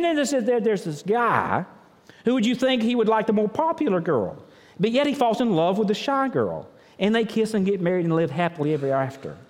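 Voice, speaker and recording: A man preaching a sermon as pastor, chatty and thinking out loud, often repeating words as he goes. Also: sits high. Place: church sanctuary. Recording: long reverb of a large church.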